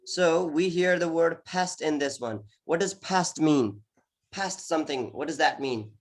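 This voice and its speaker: A man's voice: a little high, expressive, unhurried. A man teaching an online English exam class, encouraging, repeating words often with many "okay"s. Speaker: IELTS teacher.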